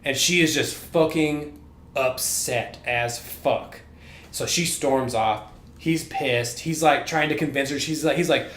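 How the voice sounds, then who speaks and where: A man's voice: mid-range voice, measured pace, fairly bright tone, a little hiss or hum. A man co-hosting a casual chat podcast, retelling a story in a rambling way, swearing freely and leaning on "like" as he goes. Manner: profane, rambling storytelling full of "like". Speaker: podcast co-host. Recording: roomy echoey room.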